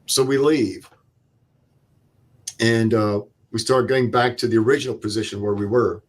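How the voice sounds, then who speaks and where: A man's voice: on the low side, fairly even intonation, moderate pace. Older man retelling a wartime story. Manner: vivid step-by-step retelling with quoted dialogue. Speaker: veteran guest. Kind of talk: interview storytelling.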